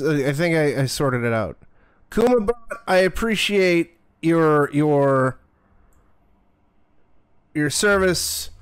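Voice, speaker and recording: A man's voice: on the high side, fairly bright tone, clear, resonant tone, no echo. A man streaming a horror game live, swearing, joking and talking back to the game and to his chat. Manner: profane, jokey, talks back to the game and chat. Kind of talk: live gameplay commentary.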